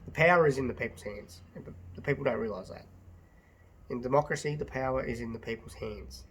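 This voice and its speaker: Aussie bloke venting into his phone, fired up and sweary, mid-pitch voice, says stuff twice. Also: fast talker, a bit bright. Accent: Australian. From Australia. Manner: passionate and blunt, swears, repeats himself. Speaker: vlogger and business owner. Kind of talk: casual to-camera rant.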